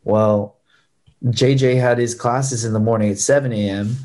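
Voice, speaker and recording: A man in his thirties, a stunt performer telling stories as a guest in a casual chat, lively and acting out other people's lines. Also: mid-range voice, moderate pace.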